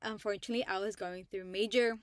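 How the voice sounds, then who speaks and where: A woman vlogger giving a casual, heartfelt personal testimony about her faith, in a slangy style with pauses and restarts. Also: mid-range voice, fairly even intonation, dry recording, studio quality. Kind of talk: candid personal testimony to camera.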